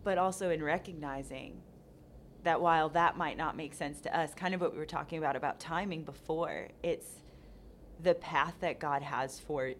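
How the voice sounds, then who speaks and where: Earnest woman with a deep voice for a reflective faith chat, some light hiss behind her. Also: fairly even intonation, normal speed. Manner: earnest, reflective, many restarts. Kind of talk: casual faith conversation.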